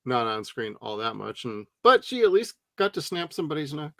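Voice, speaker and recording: A relaxed man in his forties chats about films as a podcast co-host. His voice sits at a middle pitch, and the recording is dry, with no room sound. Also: brisk, gravelly, no room sound. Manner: relaxed, chatty, agrees often. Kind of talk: casual movie review chat.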